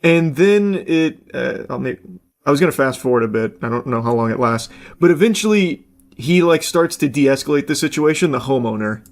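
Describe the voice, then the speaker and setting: A man's voice: medium pitch, expressive, normal speed, slight background noise. A man giving blunt, casual reaction commentary, talking loosely with plenty of fillers.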